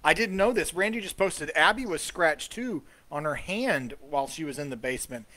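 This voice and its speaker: Higher-voiced man hosting live ghost-hunt commentary. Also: animated, moderate pace, sharp tone. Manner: chatty, trailing off with fillers. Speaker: host.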